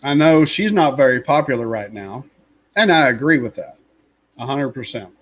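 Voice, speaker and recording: A man's voice: medium pitch, lively intonation, moderate pace, a bit bright, poor audio. A man co-hosting a casual fan chat, rambling and opinionated, with lots of fillers and asides. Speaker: podcast co-host.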